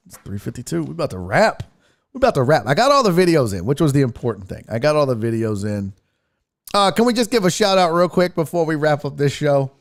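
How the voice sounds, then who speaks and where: A man from the Houston area, hosting a casual live-stream chat and telling stories loudly with frequent laughter. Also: a little high, fairly quick. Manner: loud, laughing, animated storyteller. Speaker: host.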